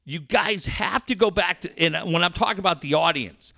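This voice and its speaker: A man's voice: high voice, normal speed, vocal fry, pushed and bright, no echo, clean studio sound. A man hosting a talk show, ranting angrily and swearing constantly. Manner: angry, profane, ranting. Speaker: sports radio host.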